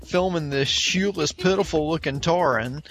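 A man's voice: fairly high pitch, normal speed. A man with a Southern US accent co-hosting a gaming podcast, joking and rambling in casual chat. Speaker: podcast co-host.

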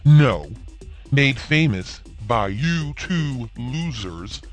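Man as a grouchy sarcastic rogue, deep voice, slow drawl, faint music behind. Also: big pitch swings, a bit bright, full character voice. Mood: indignant. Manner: gruff, sarcastic, threatening. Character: grumpy, sardonic male rogue character. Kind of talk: comedic podcast sketch.

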